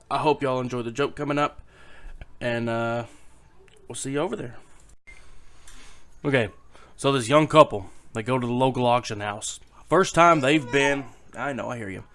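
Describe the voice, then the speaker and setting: A man telling a long, rambling dirty joke straight to camera in a loose, casual way. He swears freely and pauses to hush his little daughter, whom he holds on his lap at home. His voice sits at a plain, middling pitch. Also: clear, resonant tone. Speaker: YouTube joke teller.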